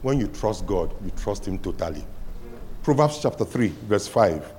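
A man preaching a sermon as pastor, telling stories and rising to loud cries. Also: fairly low pitch, lively intonation, normal speed, slight background noise.

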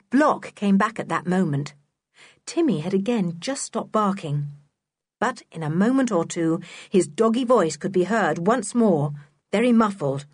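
A woman narrating a children's storybook in an expressive, clear reading voice. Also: mid-range voice, measured pace, no echo, studio quality. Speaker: audiobook narrator.

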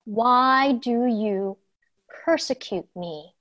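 A woman voicing Jesus as a calm man speaking from heaven, slow and solemn, in a children's Bible story. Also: on the high side, lo-fi sound, heavily acted.

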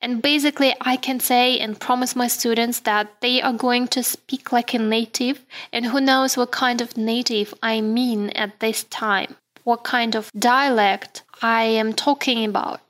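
A woman hosting a solo podcast who explains things in a measured way and speaks directly to her listeners. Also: fairly high pitch, steady tone, a bit bright. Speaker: podcast host.

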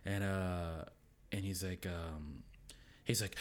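A man's voice: low-pitched, animated, normal speed. A young man, a podcast guest, telling a story in casual chat, acting out voices and laughing often.

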